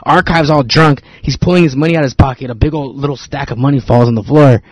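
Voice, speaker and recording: A man with a husky, slightly rough voice tells a long story in loose, profane casual chat, slipping into the voices of the people he quotes. The recording is dry and close, with no room sound around him. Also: medium pitch, quick pace, no echo. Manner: rambling storyteller, heavy swearing, acts out quotes. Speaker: podcast host.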